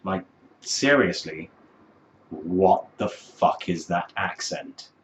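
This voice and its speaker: A man's voice: deep voice, animated, takes it slowly, fairly bright tone, slight background noise, poor audio. A man ranting sarcastically about songs, sweary and exasperated, dropping to mutters and jumping to mocking shrieks. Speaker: music review vlogger. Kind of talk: sarcastic comedic music review.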